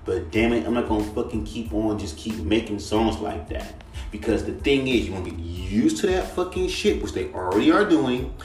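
A young man with a fairly low, slightly mellow voice rants solo on his podcast, animated and at a moderate pace. He talks casually and profanely about rap, imitating other rappers' flows. The room is echoey, the mic distant, and faint music plays.

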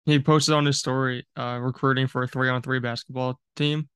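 Flat-toned young man, dry clean sound. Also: medium pitch, normal speed, smooth, no room sound. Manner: easygoing, apologetic asides, joking. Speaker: podcast co-host. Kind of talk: casual chat.

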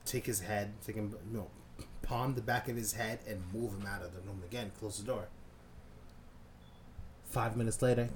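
A man casually telling a long story on a podcast, profane and animated, acting out scenes and sounds. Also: lowish voice, normal speed, long pauses, crowd noise. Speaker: podcast co-host.

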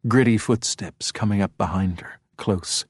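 A man's voice: fairly low pitch, a little slow, slightly rough, no room sound, clean studio sound. Man narrating an audiobook. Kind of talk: scripted narration.

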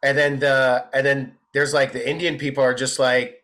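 Man, comedian guest, bright tone, animated storyteller, casual chat. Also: medium pitch, moderate pace. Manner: animated, acts out quotes in big voices.

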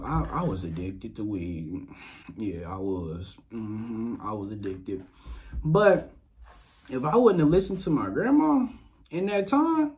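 Talking straight to his audience, a young Louisiana man hosting a podcast tells a casual personal testimony with lots of animation and frequent laughter. He has a medium-pitched voice, recorded through a boom-mounted dynamic mic.

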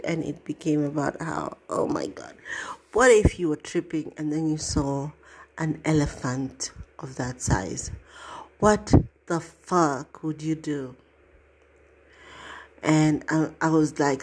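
Middle-aged woman podcast host; unhurried, lowish voice; expressive, cussing storyteller. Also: husky. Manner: expressive, swears freely, dramatic asides. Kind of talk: casual storytelling monologue.

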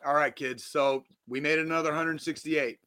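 A podcast host in his forties delivers a blunt, heavily profane yet earnest motivational pep talk in a casual monologue. His fairly high voice keeps a fairly even intonation at a moderate pace. Background noise is audible.

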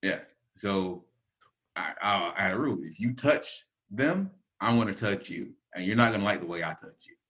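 A man's voice: lowish voice, moderate pace. A middle-aged man, a podcast co-host, telling family stories in casual chat and laughing often. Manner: animated storyteller, laughs often.

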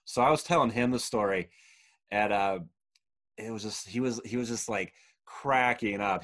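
Chatty man telling a story, low voice. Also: normal speed, fairly bright tone. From Utah. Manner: rambling, laughs often, many fillers. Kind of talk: casual storytelling chat.

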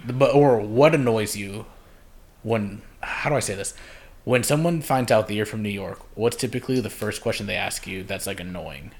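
A man's voice: lowish voice, moderate pace, a little mellow. A man from Chicago hosting a casual podcast chat, laid-back and laughing often. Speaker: podcast host.

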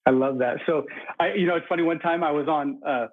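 Casting: eager male podcast host, higher voice, heard over a tinny phone line. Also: a little fast, a little hiss or hum. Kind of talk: casual interview chat.

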